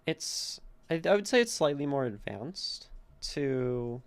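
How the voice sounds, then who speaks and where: A man's voice: mid-range voice, sing-song, slow pace, smooth. A man streaming a casual poetry critique, thinking aloud and sounding out the stresses of words. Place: home streaming setup.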